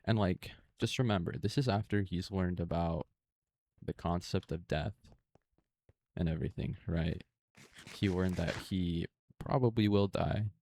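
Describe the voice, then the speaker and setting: Deep-voiced man in a flat monotone. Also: vocal fry. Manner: flat, monotone, unhurried delivery with fillers. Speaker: gaming video creator. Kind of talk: casual monotone movie retelling over gameplay. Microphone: close desktop microphone.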